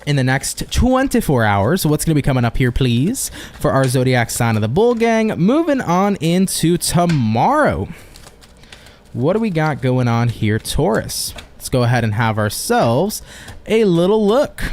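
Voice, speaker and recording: Lively, upbeat male tarot reader. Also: on the high side, a little slow, a little hiss or hum. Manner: chatty and upbeat, with casual slang and swearing. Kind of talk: casual live-stream tarot reading.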